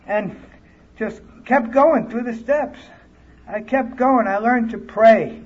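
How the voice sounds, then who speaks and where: A man's voice: very high voice, slow pace. A man speaking candidly at a recovery conference, telling his story in plain, earnest words. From California. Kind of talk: personal recovery talk. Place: conference hall, live audience. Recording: dull lo-fi tape recording.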